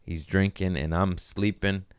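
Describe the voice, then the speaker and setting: A man's voice: deep voice, steady tone, a little slow, clean tone, dry recording. A man hosting a comedy podcast, telling stories in a laid-back, slangy, profane way close to the mic. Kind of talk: casual storytelling chat.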